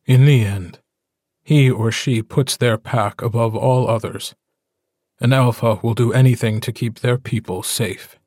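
A man voicing a gentle, steady male werewolf alpha in an audiobook, speaking calmly and tenderly. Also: no room sound, clean studio sound, lightly acted. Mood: earnest. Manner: calm, tender, low and measured.

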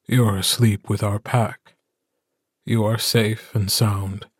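A steady, protective werewolf alpha, voiced by a man, calm and tender even when grave. He speaks slowly in a husky low voice, recorded close and dry for an audiobook. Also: no echo.

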